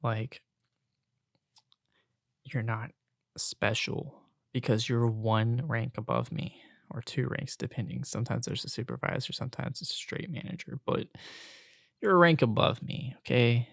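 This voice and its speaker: Young man, podcast host, casual venting, gravelly, dry and close. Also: medium pitch, a little slow, pauses often, a bit bright, dry recording. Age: young adult. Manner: exasperated, venting, swears casually. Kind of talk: casual solo rant.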